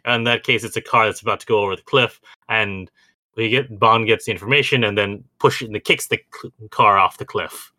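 Bright-voiced, chatty male podcast co-host. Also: on the low side, brisk, no echo. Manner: animated, laughs often, trails into asides. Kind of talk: casual chat.

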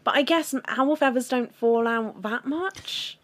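A woman's voice: a little high, measured pace. A woman co-hosting a podcast in casual chat. She teases her co-host and laughs often. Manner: laughs often, teasing and animated.

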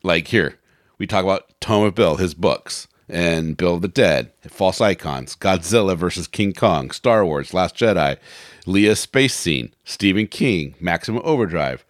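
A man with a somewhat low voice hosts a laid-back podcast, rambling through long lists and chuckling as he goes. His sentences wander and restart. The sound is dry and close to the mic. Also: animated, a little slow, no room sound. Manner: rambling, laughs often, restarts. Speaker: podcast host. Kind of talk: casual podcast chat.

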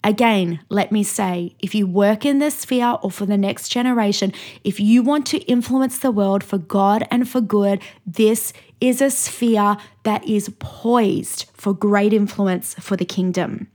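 Australian woman pastor giving a teaching talk. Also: mid-range voice. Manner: energetic, reads lists with emphatic pauses. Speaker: pastor and host.

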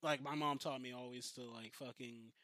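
A man's voice: mid-range voice, normal speed, dry recording. A man casually telling a story with lots of swearing, acting out the lines of the people in it. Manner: profane, animated, acts out quotes.

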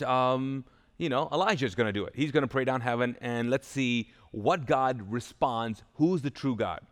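A male pastor preaching a sermon live in a church, retelling a story in a casual, joking way with loose paraphrase. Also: mid-range voice. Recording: live church hall reverb.

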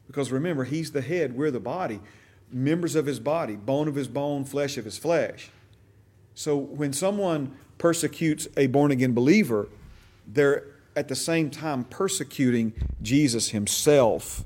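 A man's voice: mid-range voice, lively intonation, measured pace, a little mellow. A man teaching a Bible class in a conversational way, repeating phrases for emphasis and checking that his listeners follow him.

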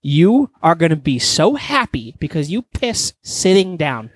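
A man's voice: on the high side, big pitch swings, measured pace, husky, dry recording. A young man co-hosting a podcast, chatting casually with crude, profane jokes. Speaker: podcast co-host. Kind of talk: casual comedic chat.

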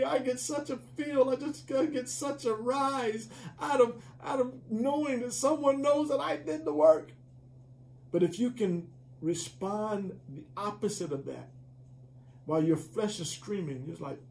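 A man's voice: high-pitched, measured pace, a little mellow, a little hiss or hum. A man teaching a church Bible study in a conversational preaching manner, often repeating and restarting phrases.

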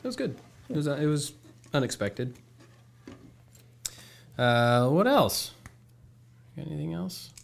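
A man's voice: on the high side, very animated, unhurried, creaky, long pauses. A man co-hosting a casual podcast chat, laughing easily. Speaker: podcast co-host.

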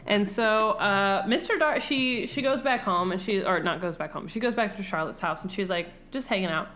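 A woman chatting casually as she retells a story, irreverent and full of profanity. Her voice sits at a middling pitch. She keeps the tale moving with animated asides. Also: normal speed. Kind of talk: casual comedic book retelling.

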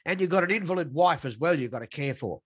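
A man's voice: on the high side, animated, fast, fairly bright tone, slightly rough. A man with an Australian accent co-hosting a podcast over a video call, ribbing his co-host bluntly and swearing freely. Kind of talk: casual podcast banter.

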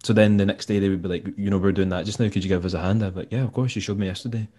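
A Scottish man, a musician and tour manager, telling stories in a relaxed, rambling way and acting out the people he quotes. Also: low voice, racing. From Scotland. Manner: rambling, laid-back, acts out quoted dialogue. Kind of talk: casual storytelling interview.

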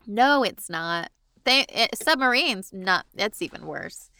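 A woman's voice: mid-range voice, slow pace, gravelly, clear, resonant tone, dry recording, studio quality. A woman co-hosting a casual podcast, reading a listener's story aloud with frequent laughs and asides. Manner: animated, laughs often, reads aloud with asides. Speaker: podcast co-host.

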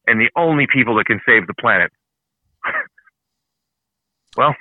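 A man from Canada hosting a heated political talk show, ranting fast and swearing often. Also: medium pitch, expressive, no echo. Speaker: show host. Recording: dry, phone-like narrow sound.

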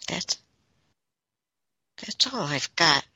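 A woman's voice: low voice, very animated, very slow, bright, forceful tone, breathy edge, dry recording. A woman on a talk podcast, relaying messages she says she is receiving, in a casual chatty way. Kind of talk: casual channeling chat.

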